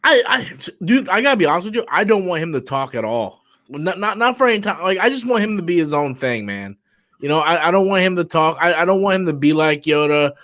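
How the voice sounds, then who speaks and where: A man chatting casually as co-host of a live stream, animated and swearing freely, with quick restarts. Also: high voice.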